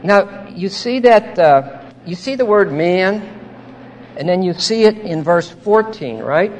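A man's voice: high voice, animated, slow pace, darkish tone, a little hiss or hum. A man teaching a Bible passage verse by verse, explaining it patiently, checking in with his listeners and stressing key words emphatically.

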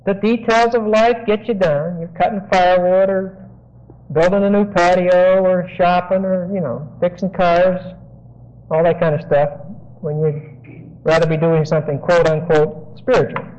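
A high-pitched man teaches verse by verse, slowly explaining each word and pausing so listeners can note phrases. The recording is dull and lo-fi, like an old tape of a sermon. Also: steady tone, darkish tone. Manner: explanatory, dictates phrases for notes. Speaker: preacher. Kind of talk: expository Bible teaching.

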